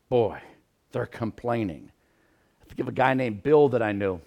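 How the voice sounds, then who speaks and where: A man preaching a sermon, animated and rising to shouts for emphasis. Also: medium pitch, moderate pace, pauses often.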